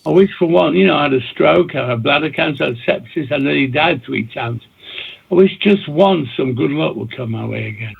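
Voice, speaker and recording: A gravelly, husky-voiced man, a record producer and DJ appearing as an interview guest, rambles through long stories at a slightly fast clip. His voice is a little high and animated, delivered in bursts full of repetition and restarts. The tinny phone-line audio carries slight background noise.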